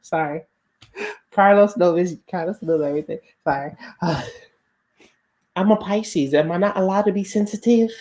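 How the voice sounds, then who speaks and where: Co-host, woman, lower voice, playful and quick to laugh, loose chat. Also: darkish tone. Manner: playful, self-conscious, laughs often. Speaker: podcast co-host. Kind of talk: casual chat.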